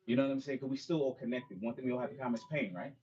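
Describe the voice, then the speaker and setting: A man's voice: mid-range voice, rapid-fire, a little mellow, muffled recording, a little hiss or hum. A middle-aged man, an author and mentor, talking casually to a small audience at a bookstore launch, often saying "you know what I mean.". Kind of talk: casual talk and a cappella spoken-word song.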